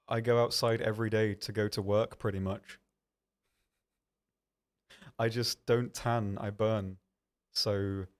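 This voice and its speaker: Young male stream host, lowish pitch, casual chat, reads chat questions and rambles through answers with self-mocking asides. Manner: chatty and self-deprecating, reads viewer questions aloud and answers with frequent ums.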